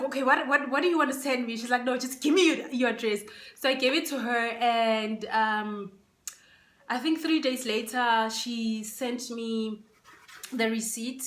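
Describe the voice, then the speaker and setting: A woman's voice: a little high, reverberant. A woman vlogger chatting casually to her phone camera, emotional and close to tears, with many fillers. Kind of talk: casual unboxing chat.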